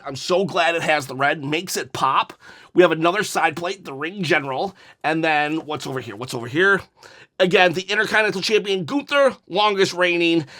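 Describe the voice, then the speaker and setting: A man's voice: on the high side, fairly bright tone. A man hosting a casual unboxing video at home, chatty and jokey, chuckling at his own asides as he talks into a desk microphone. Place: home room with posters.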